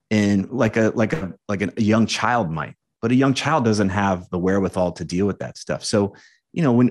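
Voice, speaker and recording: A man speaking as a coach and podcast guest, frank and animated, swearing freely in candid conversation. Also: fairly low pitch, husky.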